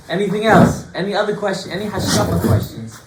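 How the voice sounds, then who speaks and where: A man, a rabbi, giving an informal Torah class to students, lively and joking, full of rhetorical questions. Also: high voice, a little fast. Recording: echoey room, distant mic, faint hiss.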